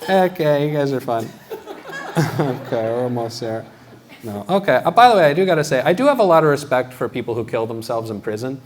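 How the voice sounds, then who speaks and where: A young man from Washington, D.C., doing a stand-up comedy set in a gallery venue, with a deadpan, halting delivery and acted-out quotes. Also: mid-range voice. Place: art gallery venue with live audience.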